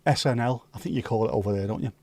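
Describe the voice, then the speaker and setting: A man hosts a casual livestream, answering viewers with sweary jokes and quick asides. His voice sits at an ordinary middle pitch. The sound is close and dry, with no room echo. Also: creaky, a little mellow. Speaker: livestream host. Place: home livestream setup.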